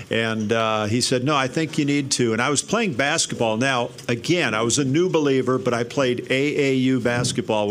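Older man, storytelling talk, animated, does voices in quotes, mid pitch. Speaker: speaker sharing his testimony.

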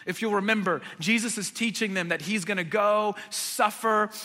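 A man's voice: high-pitched, normal speed, sharp tone, big-room sound. A man preaching a sermon, retelling a scene with vivid dramatic emphasis. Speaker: pastor.

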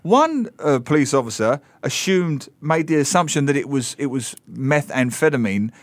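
A man co-hosting a radio chat, telling a story in an animated, indignant way with jokey asides. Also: mid-range voice, moderate pace, no room sound. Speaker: radio co-host, author. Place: radio studio. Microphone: studio mic.

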